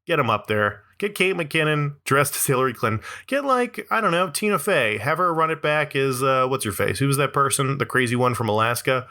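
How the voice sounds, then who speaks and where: Bright-voiced rambling young comic host. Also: male voice, mid-range voice, expressive, fairly quick, hardly any pauses. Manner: rambling, sarcastic, laughs between lines. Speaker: podcast host. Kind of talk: casual comedic monologue.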